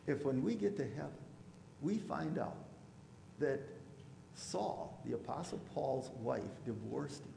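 A man preaching a sermon as pastor, now and then mimicking loud objectors. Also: medium pitch, lively intonation, slow, gravelly, pauses often, slight background noise. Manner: preachy, rising to loud mocking voices for imagined objectors. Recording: echoey hall with long reverb.

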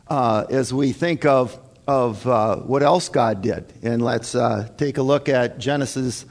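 Slow, emphatic preacher in a reverberant hall. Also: male voice, mid-range voice, darkish tone. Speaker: pastor. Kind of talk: sermon.

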